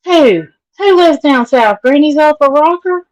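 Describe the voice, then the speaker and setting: A woman's voice: high voice, lively intonation, unhurried, low-quality recording. A middle-aged woman with a Southern accent, chatting casually with live viewers and greeting them by name. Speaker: vlogger.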